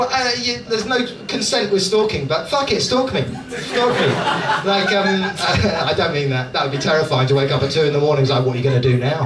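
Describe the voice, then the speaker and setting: Lively British comic in a noisy club. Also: male voice, sits high, distant mic. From Dorset, England. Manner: chatty, self-mocking, keeps checking in with "right?". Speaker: stand-up comedian. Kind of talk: stand-up crowd work. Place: comedy club stage. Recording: echoey club audio from afar, noisy. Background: audience laughter and room noise.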